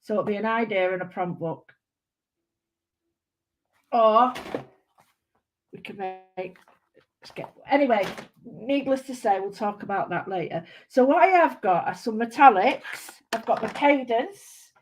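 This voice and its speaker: A woman's voice: fairly high pitch, lively intonation, a little slow, pauses often, a little hiss or hum, rough recording. A woman giving a chatty live craft demonstration, rambling and giddy, talking to her viewers with lots of exclamations. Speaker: craft tutor.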